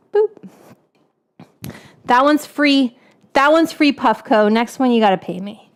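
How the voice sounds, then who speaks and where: A woman's voice: a little high, clear, resonant tone. A woman hosting a casual cooking livestream, chatting playfully while she whisks and stirs, often joking at her own expense. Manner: playful, chatty, self-mocking. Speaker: cooking show host. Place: home kitchen.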